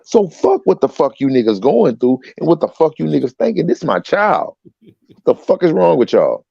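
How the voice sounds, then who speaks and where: A man's voice: on the high side, very animated, moderate pace, gravelly, mellow, breathy edge, no echo, lo-fi sound. A man arguing heatedly on an online panel, profane and repeating himself insistently.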